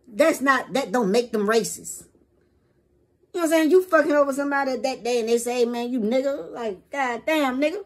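Husky woman vlogger, casual rant to camera, profane street slang, rambling and emphatic. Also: fairly high pitch.

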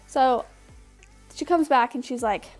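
A young woman with a high voice casually recounting a funny story to her camera. She talks in a loose, chatty way, peppered with "like" and "dude", with soft music playing faintly behind her. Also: a little slow. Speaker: vlogger. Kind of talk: storytime vlog.

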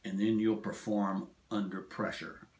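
A man's voice: fairly low pitch, fairly even intonation, measured pace, a little mellow. A middle-aged man giving a motivational keynote talk in a plainspoken, conversational storytelling way. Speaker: keynote speaker. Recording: echoey room.

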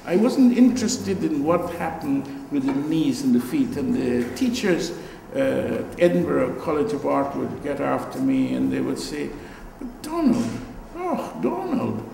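Slow, gravelly older Guyanese man. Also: mid-range voice, mellow, roomy sound, long reverb tail, a little hiss or hum, rough recording. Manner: reflective, storytelling, trailing asides. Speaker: artist. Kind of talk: gallery talk. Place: gallery.

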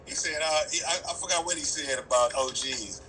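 A man's voice: medium pitch, a little fast, a little hiss or hum, rough recording. A middle-aged man talking on a radio show, swearing freely and laughing often as he tells stories. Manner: animated, profane, storytelling with frequent laughs. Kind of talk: casual radio chat.

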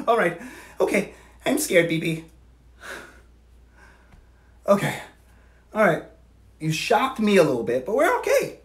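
Animated woman co-host, wide-ranging pitch. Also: a little slow, pauses often. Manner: animated, playful. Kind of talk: casual chat.

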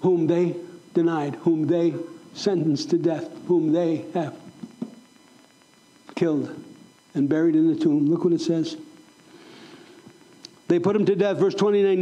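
High-voiced, mellow male pastor preaching. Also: unhurried, pauses often, poor audio. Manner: emphatic, repeats questions to the congregation. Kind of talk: sermon. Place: church sanctuary.

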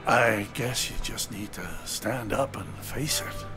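An actor playing a gentle, weary old grandfather who is losing his memories, speaking in a soft, comforting way in a video game. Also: medium pitch, slow pace, music in the background, close to an everyday voice. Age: older. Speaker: grandfather character.

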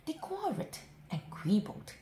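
Woman reading bedtime story, slow, expressive, sing-song, very wide pitch, echoey room, faint ambience. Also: slight background noise. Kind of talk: children's bedtime story read-aloud.

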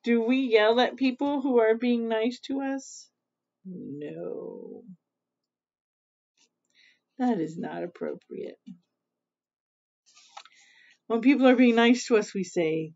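Woman, storybook reader, gentle asides to kids; slightly muffled home recording. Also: fairly high pitch, slow, pauses often. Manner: gentle, teaching asides to children. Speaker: parent reading aloud. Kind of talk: reading a picture book aloud.

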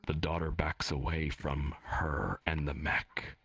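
A man's voice: rumbling low, flat delivery, slow, fairly bright tone, husky. A man narrating a role-play story as game master, in a solemn, dramatic storytelling manner.

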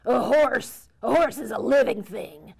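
A woman's voice: a little high, measured pace, gravelly, crowd noise. A woman doing a practical talking dump truck. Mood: explaining.

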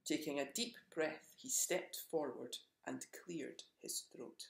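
A storyteller reading a children's picture book aloud, gentle and expressive. The voice has a gravelly, fry-tinged texture at a middle pitch. The recording carries a roomy echo. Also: slow.

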